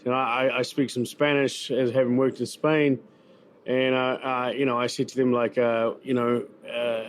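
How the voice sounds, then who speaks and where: A man's voice: medium pitch, little pitch movement, normal speed. A man with a New Zealand accent, a chef talking in a casual interview, chatty and full of fillers and repeated words. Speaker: chef and restaurant owner. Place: busy event venue.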